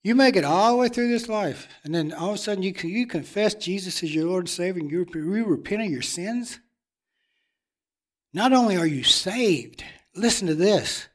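Preaching a sermon in a high voice, a man drives his points home by repeating them. He moves between loud declarations and quiet, confiding asides, speaking expressively at a moderate pace.

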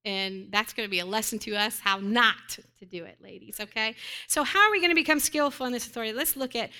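Bright, high-voiced woman preaching. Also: fast talker, clean tone. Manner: emphatic, repetitive exhortations. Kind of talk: sermon teaching.

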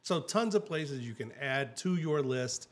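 A man's voice: medium pitch, animated, measured pace. Enthusiastic man hosting a travel chat. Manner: enthusiastic, chatty, many fillers and restarts. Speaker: travel show host.

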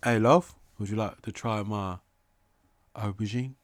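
A man's voice: fairly low pitch, steady tone, a little slow, dry recording, pitched below the performer's own voice, close to an everyday voice. A man putting on a suave British charmer. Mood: flirty.

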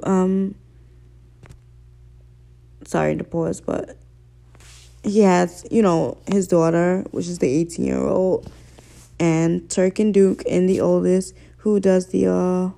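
A young woman talking casually and excitedly straight to her viewers, full of slang and swearing. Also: fairly low pitch, vocal fry. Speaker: vlogger. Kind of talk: casual excited vlog talk.

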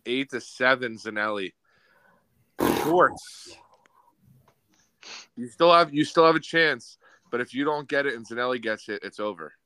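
Bright, crisp young man quizmaster. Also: medium pitch, unhurried, long pauses, dry recording, rough recording. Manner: teasing, announces scores. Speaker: podcast host, quizmaster. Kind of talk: casual sports quiz banter.

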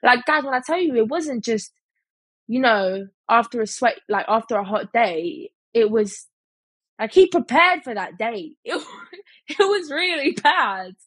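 A woman's voice: on the high side, lively intonation, a little slow, fairly bright tone, husky, dry recording, rough recording. A young woman chatting casually in a storytime vlog, full of fillers and mimicking other people in quotes. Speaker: vlogger.

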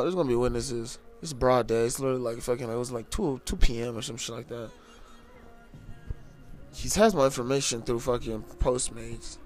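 A man's voice: medium pitch, brisk. Young guy going off telling a story, heated and cussing a lot, faint music in the back. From United States. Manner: profane, heated, animated retelling. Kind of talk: casual storytelling to camera.

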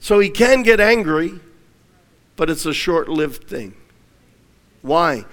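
A man preaching a sermon with emphatic call-and-response, swinging between loud and hushed delivery. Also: fairly high pitch, expressive, slow pace, long pauses, big-room sound.

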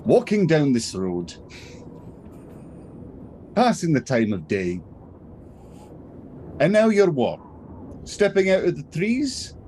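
A man voicing a gruff, exasperated male dwarf warrior with a heavy accent, ranting indignantly in a tabletop game. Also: a little high, huge pitch swings, takes it slowly, long pauses, a little mellow, a little hiss or hum, voice pushed up, exaggerated voice. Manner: heavily accented, indignant rant.

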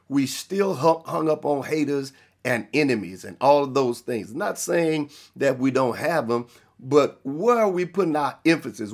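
A man's voice: mid-range voice, vocal fry. A man preaching a sermon, with a Black church cadence, repeating phrases and firing rhetorical questions at his listeners.

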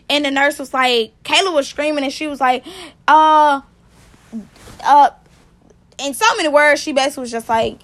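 A woman telling a story to her viewers in casual vlog commentary, animated and emphatic, swearing freely as she rants. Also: high-pitched. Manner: animated, profane, emphatic ranting; speaks directly to viewers. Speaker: vlogger.

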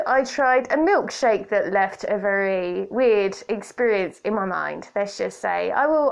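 A woman hosting a solo podcast in a chatty, playful, self-mocking way, recorded on a hands-free kit mic. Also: fairly high pitch. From Britain. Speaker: podcast host. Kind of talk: casual solo podcast chat. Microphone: borrowed hands-free kit headset.

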